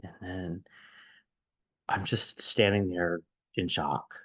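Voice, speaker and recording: A man's voice: low-pitched, fairly even intonation, fairly bright tone, no echo, rough recording. A man telling a friend a personal story in a casual, rambling way, stopping and restarting as he searches for words. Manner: rambling and halting, with many restarts.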